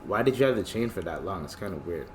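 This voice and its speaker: A man's voice: sits low, lively intonation, fast, a little hiss or hum. Profane rambling podcast guy. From Canada. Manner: loose, profane, rambling rant with slang. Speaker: podcast host. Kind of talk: casual solo commentary.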